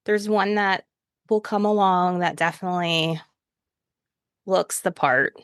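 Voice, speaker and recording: A woman's voice: on the low side, fairly even intonation, measured pace, fairly bright tone, clear, resonant tone, no room sound, clean studio sound. A woman hosting a podcast, talking casually and reflectively, laughing easily. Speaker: podcast host. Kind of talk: casual chat.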